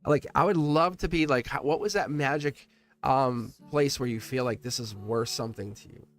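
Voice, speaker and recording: A man's voice: medium pitch, normal speed. Effusive rambling man hosting a live tarot stream. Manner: effusive and rambling, with frequent restarts and laughs. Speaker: live tarot reader and channel host. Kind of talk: live-stream chat to viewers.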